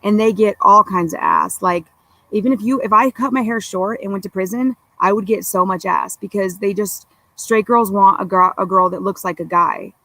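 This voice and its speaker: Blunt profane young woman with gravelly voice. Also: medium pitch, normal speed, pushed and bright, poor audio. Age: young adult. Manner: blunt, profane, rambling with many fillers. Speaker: podcast guest. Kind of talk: casual storytelling chat.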